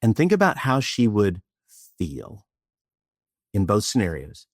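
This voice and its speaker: Animated low-voiced man telling a story. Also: takes it slowly, no room sound, clean studio sound. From Austin, Texas. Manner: animated, acts out dialogue. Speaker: guest, presentation coach. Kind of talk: storytelling in interview.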